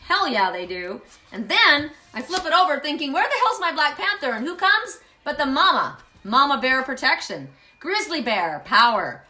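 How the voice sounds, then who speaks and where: A woman doing an oracle card reading on a livestream, talking excitedly, often exclaiming, swearing and laughing. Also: high voice, moderate pace. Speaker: intuitive card reader.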